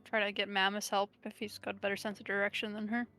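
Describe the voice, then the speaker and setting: A woman's voice: mid-range voice, little pitch movement, fast, pushed and bright, soft background music. A woman playing a tabletop role-playing game, casually describing what her character does. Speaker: player. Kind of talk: tabletop role-play chat.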